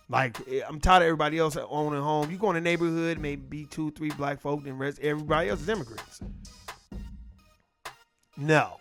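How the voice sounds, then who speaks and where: A middle-aged man talking casually to camera in a blunt, profane, animated way. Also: a little high, fairly quick, gravelly, faint music behind.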